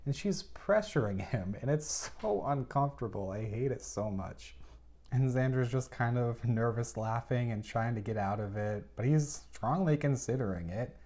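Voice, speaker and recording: A man's voice: medium pitch, animated, normal speed, mellow. A man giving a casual book review, recapping the plot with chatty, exasperated reactions.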